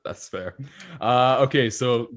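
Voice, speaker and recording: A man hosting a podcast, chatting casually and playfully firing off quick quiz questions at his guest. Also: mid-range voice. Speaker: podcast host. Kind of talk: casual interview chat.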